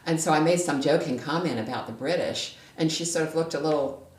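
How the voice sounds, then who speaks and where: A woman with a very deep voice talks through a relaxed interview, telling stories and often restarting her sentences. She sits back from the mic in an echoey room with a faint hiss. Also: a little fast, far from the mic. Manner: chatty, storytelling, frequent restarts. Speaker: interview guest, former judge. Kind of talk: casual conversational interview. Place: library room.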